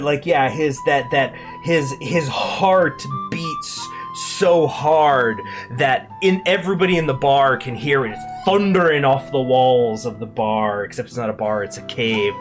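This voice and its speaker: Excited rambling man gaming host. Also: mid-range voice. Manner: excited, rambling, many restarts and fillers. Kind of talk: live commentary while playing a strategy game.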